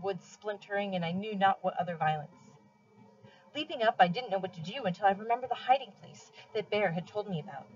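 A woman reading a novel aloud for a class, with steady, expressive first-person narration and pauses for study questions. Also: on the low side, muffled recording.

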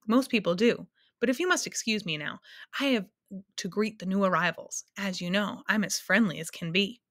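A woman's voice: medium pitch, normal speed, fairly bright tone, dry recording, studio quality, lightly acted. A woman reading aloud and voicing a fretful, contradictory man in a storybook.

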